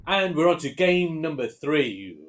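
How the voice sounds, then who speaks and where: A man with an English accent casually chatting through football match predictions, relaxed and hesitant with fillers. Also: fairly high pitch, measured pace, a little hiss or hum. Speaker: co-host giving match predictions. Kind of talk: casual chat.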